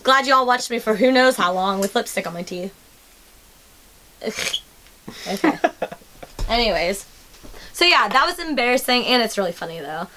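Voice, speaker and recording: A young woman with a high, bright voice hosts a casual chat. She is a chatty storyteller who slips into the voices of the people she describes. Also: expressive, moderate pace, pauses often, slight background noise. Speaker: host.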